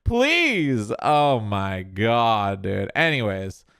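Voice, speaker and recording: Sarcastic, crude streamer with a lively pitch. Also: male voice, slow, smooth. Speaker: streamer host. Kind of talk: reaction commentary.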